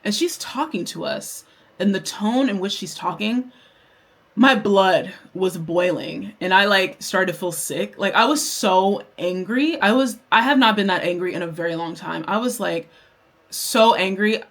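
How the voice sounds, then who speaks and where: A young adult woman telling a story to camera while doing her makeup, candid and profane, with animated storytelling. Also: medium pitch, a little slow. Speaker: vlogger.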